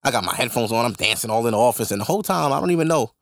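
A young man hosting a podcast, telling a personal story in a casual, animated and profane way. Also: medium pitch, rapid-fire, creaky, dry recording, studio quality. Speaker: podcast host.

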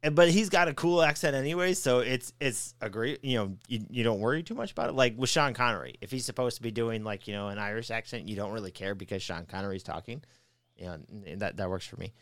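A man's voice: mid-range voice, fast talker, no echo. A man co-hosting a podcast, ranting with lots of swearing in casual chat. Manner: profane, ranting, animated. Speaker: podcast co-host.

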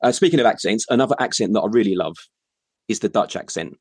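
A man's voice: on the low side, lively intonation, quick pace, slightly rough, no echo, clean studio sound. A man hosting a casual live show, joking around and giving playful introductions. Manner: jokey, playful, gives big introductions. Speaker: show host.

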